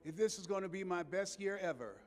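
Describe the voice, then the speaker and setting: Booming motivational speaker, high-pitched man. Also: fairly quick, in a large hall. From United States. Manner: preacherly, swells and drops in volume, repeats phrases for emphasis. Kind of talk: motivational speech to a live audience.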